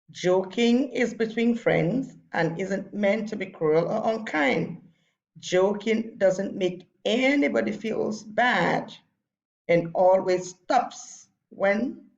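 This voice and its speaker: Woman teacher, unhurried lesson for kids, muffled lo-fi sound. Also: mid-range voice, a little mellow. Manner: patient, repeats points for young pupils. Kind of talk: recorded lesson for children.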